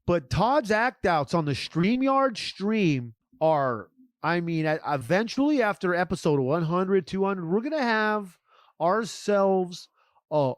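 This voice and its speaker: A man co-hosting a casual podcast, loose and profane as he riffs along. His voice sits a bit high for a man and comes through dry and close to the mic. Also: no room sound. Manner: loose, profane, riffing banter. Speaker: podcast co-host. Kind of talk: casual chat.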